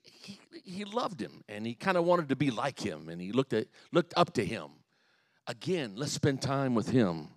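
A middle-aged man preaching a sermon in a church, earnest, often repeating words and restarting, swinging between loud and quiet. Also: medium pitch, no room sound, studio quality. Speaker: pastor.

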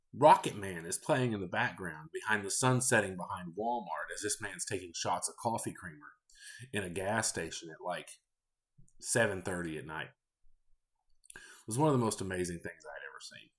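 Low-voiced man telling rambling anecdotes. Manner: candid, rambling, deadpan about odd customers. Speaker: podcast host. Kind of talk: casual storytelling monologue.

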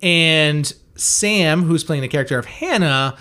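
A man co-hosting a movie review podcast, talking in a quick, animated and wry way. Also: a little high, smooth. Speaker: podcast co-host. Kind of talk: casual movie review chat.

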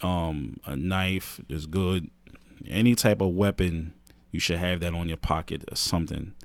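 A man's voice: deep voice, a little slow, no room sound. A man co-hosting a podcast, giving earnest advice in a casual chat, often repeating himself and saying "man" and "you know what I mean". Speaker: podcast co-host.

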